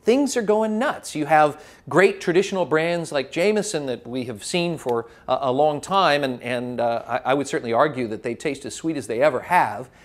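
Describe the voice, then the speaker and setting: Lively man lecturing on spirits. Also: fairly high pitch, moderate pace, hardly any pauses. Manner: lively storytelling with small restarts. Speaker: spirits educator. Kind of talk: classroom lecture.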